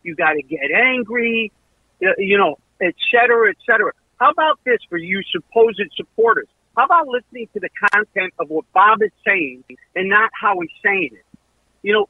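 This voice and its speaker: A man's voice: high voice, lively intonation, a little fast, slightly rough, dry recording. A man calling a talk radio show, ranting sarcastically about other callers. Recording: tinny phone line.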